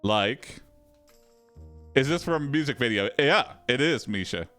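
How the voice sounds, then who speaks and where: A man hosting a live stream of game commentary reacts to an AI story, joking and laughing often. His mid-range voice has lively intonation and a pushed, bright quality, and he talks a little slowly over soft background music.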